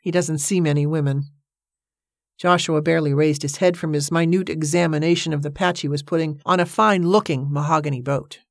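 A woman narrating a novel aloud in a measured, even storytelling manner. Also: sits low, creaky, no room sound, studio quality. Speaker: audiobook narrator. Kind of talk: scripted narration.

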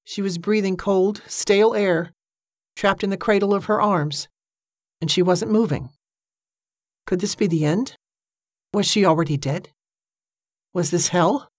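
An audiobook narrator, a woman, reads a scripted story in a measured, steady storytelling style. Her pitch is medium, and the recording is dry and studio quality.

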